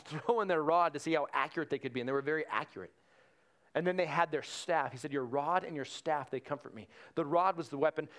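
Male pastor, slightly high voice, easygoing sermon delivery with lively storytelling. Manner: conversational preaching, animated retelling of stories.

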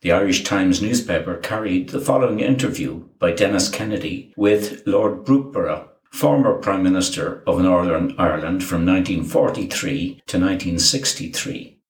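Deep-voiced man narrating with room echo. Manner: measured, even reading of dates and names. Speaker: documentary narrator. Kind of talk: scripted historical narration. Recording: roomy echo.

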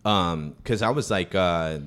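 Low-voiced profane male storyteller. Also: a little slow, a bit bright. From South Sacramento, California. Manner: profane, laughs often, quotes himself. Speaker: podcast guest telling a story. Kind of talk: casual storytelling chat.

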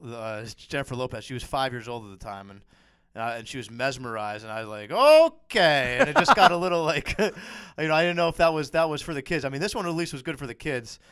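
A man's voice: mid-range voice, quick pace, a bit bright, clean tone, dry recording, studio quality. A man in his thirties co-hosting a casual sports podcast, joking and rambling as he teases his friend. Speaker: podcast co-host.

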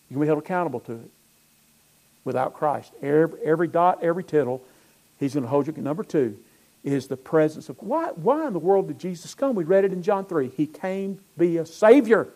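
Male pastor, sermon delivery, slightly raised pitch, emphatic swells and deliberate pacing. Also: a little mellow. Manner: preaching with emphatic swells and slow stressed phrases. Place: church sanctuary with choir.

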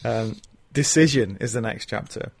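A man's voice: lowish voice, moderate pace, vocal fry, husky. Laughing man retelling a story. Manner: laughs often while retelling, acts out quoted lines. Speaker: podcast co-host. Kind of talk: casual chat retelling a novel.

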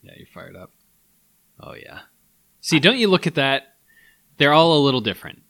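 A man co-hosting a casual food-tasting podcast, playful and quick to laugh. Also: a little high, big pitch swings, pushed and bright, dry recording. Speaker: podcast co-host. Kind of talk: casual chat.

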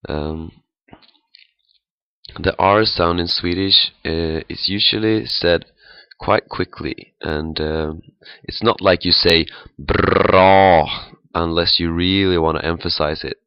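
A man giving a pronunciation lesson, speaking haltingly with many fillers and repeating sounds to demonstrate. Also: sits low, fairly even intonation, clean tone, no room sound, muffled recording. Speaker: language teacher.

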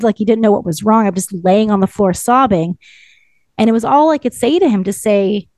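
A woman's voice: mid-range voice, animated, brisk, darkish tone, dry recording. A woman, speaking in an earnest, emotional and reflective way. Her voice sits in a middle register, recorded close and dry. She talks in loose, heartfelt sentences full of "like" fillers. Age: 30s. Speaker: podcast co-host. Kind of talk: personal interview storytelling.

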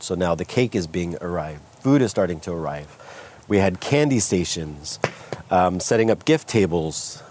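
A man from California, a guest entrepreneur, candidly telling his story with animated retellings of what people said. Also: low voice, slight background noise. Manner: animated, acts out quoted voices. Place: outdoors by a smoky fire.

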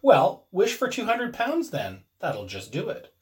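A man's voice: high voice, huge pitch swings, measured pace, pitched above the performer's own voice, heavily acted. A man playing a cheeky young son. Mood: teasing. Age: young adult. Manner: teasing, mock-dramatic.

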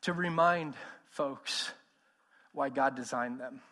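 A man's voice: mid-range voice, takes it slowly, sharp tone, big-room sound. A man in his thirties preaching a sermon, emphatic and conversational, putting questions to the congregation. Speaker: pastor.

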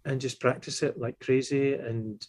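A man in his sixties, a tuba player and teacher, telling stories in a relaxed, animated way and acting out the voices he quotes. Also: medium pitch, measured pace. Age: 60s. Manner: animated, acts out quoted voices, chuckles often. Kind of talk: relaxed anecdotal storytelling.

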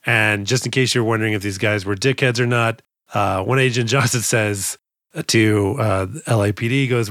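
A man co-hosting a movie podcast, talking fast and swearing, excitable and full of mock impressions. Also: on the low side, no echo, clean studio sound. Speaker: podcast co-host.

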